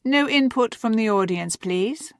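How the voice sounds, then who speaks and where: A woman's voice: fairly high pitch, animated, measured pace, no room sound, clean studio sound. A woman voicing a playful, teasing young woman who reads her sister's letter with theatrical flair.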